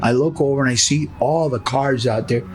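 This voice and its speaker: A man's voice: mid-range voice, brisk, over music. An older man, a former smuggler, recounting his past in an interview, acting out quotes and laughing as he talks. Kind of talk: storytelling interview.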